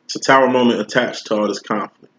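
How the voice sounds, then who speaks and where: A fast-talking man with a steady, medium-pitched voice does a casual tarot reading straight to the viewer, using slangy, profane, conversational language. The roomy, dull lo-fi recording has background noise.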